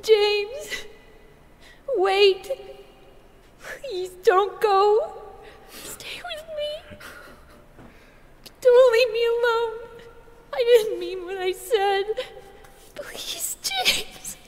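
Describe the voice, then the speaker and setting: A sick, despairing young woman in a video game, speaking in a very high voice at a slow, dragging pace. She snaps and pushes away, then pleads to be saved. The game audio carries a long, lingering reverb. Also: animated, heavily acted. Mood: pleading. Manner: lashes out, then begs. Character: bitter, desperate young woman dying in hospital.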